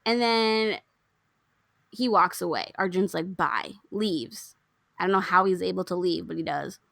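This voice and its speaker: Unhurried and speaking with vocal fry, this woman has a fairly low pitch and no echo on her recording. She retells a movie's story on the podcast she co-hosts, raising her voice to perform its lines in lively fashion.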